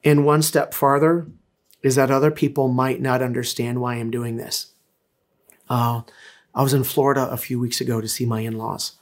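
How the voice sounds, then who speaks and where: A man's voice: medium pitch, level tone, normal speed. A middle-aged man, a pastor, preaching a sermon in an earnest, conversational way, with frequent hesitations. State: tearful, emotional.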